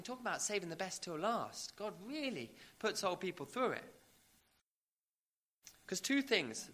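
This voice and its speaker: Male preacher, bright slightly high voice, emphatic sermon delivery, some hesitant fillers. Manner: emphatic, builds with rising repeated questions.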